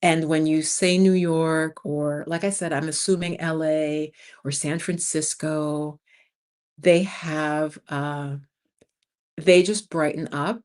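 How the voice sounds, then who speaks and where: A woman over fifty from the United States, hosting a casual livestream and chatting with viewers, telling stories with lively acted-out quotes. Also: low voice, slow. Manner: animated storyteller, acts out other people's lines. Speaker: livestream host. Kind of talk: casual live-chat talk to viewers.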